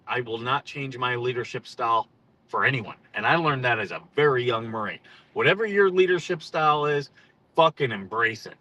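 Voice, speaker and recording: A man's voice: mid-range voice, sharp tone. A man who once served as a Marine officer hosts a casual storytelling livestream, talking bluntly and with plenty of swearing, and laughing easily. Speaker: podcast host and former Marine officer.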